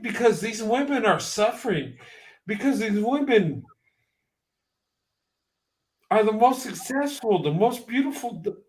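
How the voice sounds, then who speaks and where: High-voiced, impassioned man in his fifties. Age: 50s. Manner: emotional, emphatic, repeats himself. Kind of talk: impassioned personal testimony.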